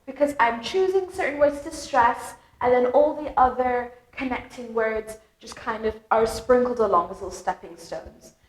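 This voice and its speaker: British woman, English teacher, fairly high, melodic stressing, echoey room. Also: normal speed, hardly any pauses. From Britain. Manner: melodic, exaggerated stress on key words. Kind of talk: lively explanatory lesson.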